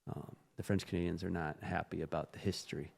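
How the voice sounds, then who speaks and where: Deep-voiced Midwestern American man chatting. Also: steady tone, vocal fry, darkish tone. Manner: chatty, self-mocking, quick asides. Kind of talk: casual podcast chat. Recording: echoey room.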